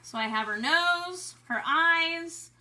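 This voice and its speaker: Woman art teacher, high and bright, chatty upbeat delivery in a basement studio. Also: lively intonation, takes it slowly. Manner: chatty and upbeat, drops to a soft coo when speaking to the animal. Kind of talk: casual online drawing lesson.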